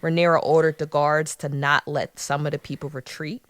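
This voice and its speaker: A woman from Philadelphia co-hosting a podcast in casual chat, animated and laughing, acting out quoted lines. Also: sits low, normal speed, no room sound. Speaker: podcast co-host.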